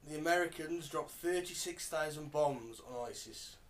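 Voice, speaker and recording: A man's voice: on the high side, normal speed. A man co-hosting a casual podcast chat, quizzing his friends with facts and laughing along. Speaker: podcast co-host. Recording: faint background noise.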